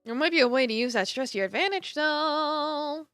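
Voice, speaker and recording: A woman's voice: high voice, normal speed, fairly bright tone, no echo, clean studio sound, faint music behind. Playful woman streamer reading a game. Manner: playful, self-mocking, laughs at her own voices. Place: home streaming setup.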